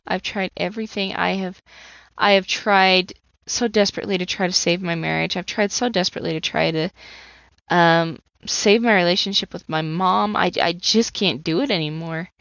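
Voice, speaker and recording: A woman's voice: lowish voice, moderate pace, vocal fry, fairly bright tone, no room sound. Female podcast host and coach, 30s, earnest testimony, slightly muffled recording. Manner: earnest, emotionally open storytelling. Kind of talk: personal testimony monologue.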